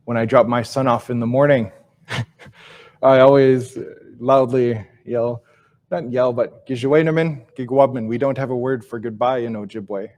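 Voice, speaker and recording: Telling a story during a live teaching talk, a man who teaches and speaks Ojibwe proceeds slowly and thoughtfully at a medium pitch with fairly even intonation. He often restarts or repeats phrases as he searches for words, and his sentences fade gently at the ends.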